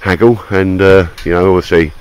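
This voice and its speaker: A man's voice: sits low, steady tone, moderate pace, clear, resonant tone, rough recording. A man from London with a Cockney accent, chatting casually to camera in a vlog, joking and rambling with plenty of filler words. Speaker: vlogger.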